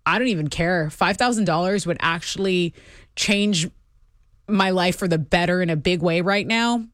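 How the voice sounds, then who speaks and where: A woman's voice: lowish voice, moderate pace, dry recording, studio quality. A woman co-hosting a call-in talk radio show, chatting casually and reading out listener texts and news items. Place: radio studio. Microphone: close studio mic.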